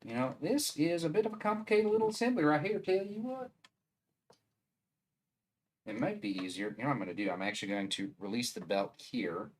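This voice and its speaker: A man's voice: mid-range voice, lively intonation, fairly quick. A man with a Wisconsin accent chatting casually on a live stream, rambling and thinking aloud as he assembles a 3D printer.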